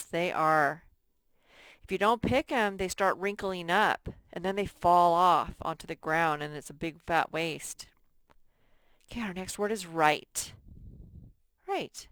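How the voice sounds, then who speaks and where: A woman teaching a sight-word lesson to young children, repeating each word slowly and stressing it in model sentences. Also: deep voice, a bit bright, clean tone, no echo. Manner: drawn-out, emphatic word modeling and repetition. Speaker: first grade teacher.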